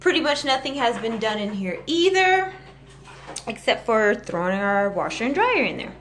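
A woman's voice: fairly high pitch, very animated, normal speed, a bit bright, slight background noise. Chatty young woman vlogging at home. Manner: chatty, rambling with many fillers and restarts. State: six months pregnant. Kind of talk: casual vlog chat. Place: at home, in a house. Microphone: phone camera.

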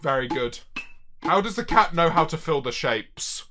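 A man's voice: on the high side, lively intonation, moderate pace, over music. A young man, a streamer giving casual, joking and rambling reaction commentary from an office. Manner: joking, rambling, self-mocking.

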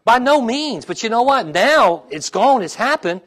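A middle-aged male pastor preaching a sermon, checking in with the congregation with "okay?" and "amen?" and dropping to a quiet, heartfelt tone when he talks about his own trials. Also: very high voice, sing-song, unhurried.

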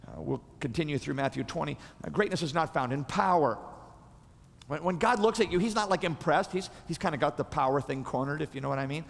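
A male pastor preaching a sermon in an animated, conversational way, often repeating and restarting his words. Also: a little high, fairly quick, creaky, long reverb tail.

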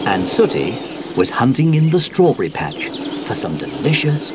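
A man reading a children's storybook aloud, with a slow, expressive delivery. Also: mid-range voice, noisy background. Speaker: audiobook narrator.

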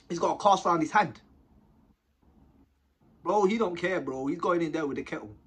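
A young man telling a story to camera in a casual, animated, slang-heavy way, often tagging lines with short questions. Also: a little high, a little slow, pauses often, breathy edge. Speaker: vlogger telling a prison story.

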